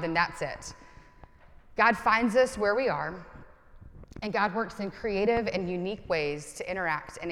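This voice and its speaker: A woman's voice: medium pitch, a bit bright, slight background noise. Woman preaching in a reverberant hall. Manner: conversational, self-deprecating humor. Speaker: pastor. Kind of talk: sermon.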